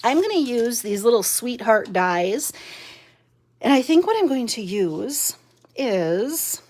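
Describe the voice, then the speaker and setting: A woman's voice: a little high, big pitch swings, takes it slowly, a little mellow. Chatty woman demoing card crafts. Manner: chatty, laughs often, many fillers. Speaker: card-making demonstrator. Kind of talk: live-stream craft demo. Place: home craft room. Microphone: mounted camera.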